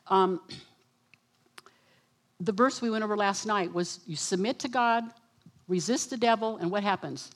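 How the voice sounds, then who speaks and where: Woman preacher, sermon delivery, lively storyteller who acts out quotes, mid-pitched. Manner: animated storytelling, quotes herself and others.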